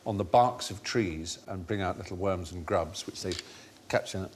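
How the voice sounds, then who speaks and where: A man's voice: sits low, normal speed, a little hiss or hum. A man with an English accent hosting a studio panel quiz show, explaining facts in an erudite way and laughing often. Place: TV studio with audience.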